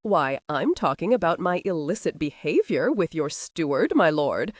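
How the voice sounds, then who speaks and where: A woman's voice: sits low, big pitch swings, moderate pace, no echo, studio quality. A woman voicing a witty young noblewoman who talks in a sweetly sarcastic, mock-guilty way.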